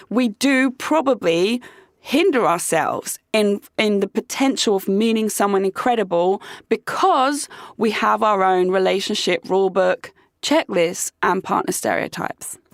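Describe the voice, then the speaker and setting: Young woman podcast host, frank chatty talk, swears a lot, mid-pitched voice, dry close sound. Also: measured pace, gravelly, no room sound. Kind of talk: casual solo podcast monologue.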